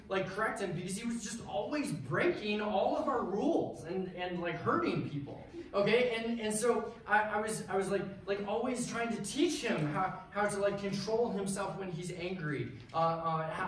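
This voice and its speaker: Young male preacher in an echoey hall. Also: a little high. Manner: casual, filler-heavy, checks in with "right?" and "okay?". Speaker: youth preacher. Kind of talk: sermon. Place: church hall. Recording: very echoey hall, mic far off, faint noise.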